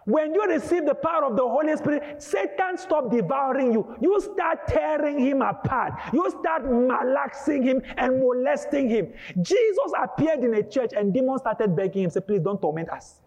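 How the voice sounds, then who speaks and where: A male preacher delivering an emphatic, dramatic sermon, breaking into shouts. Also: extremely high pitch, expressive, normal speed, few pauses. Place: church hall. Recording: dull lo-fi with long hall reverb.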